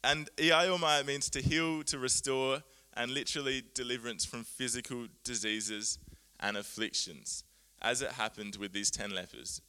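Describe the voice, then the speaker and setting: A man preaching a sermon, earnest and animated, often laughing at himself as he explains Bible words. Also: fairly low pitch, smooth.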